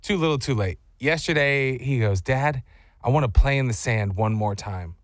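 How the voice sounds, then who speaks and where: A co-host in his thirties tells a story during a show's casual chat, his medium-pitched voice at a moderate pace. He's animated and acts out the voices, and the recording is dry and clean, studio quality.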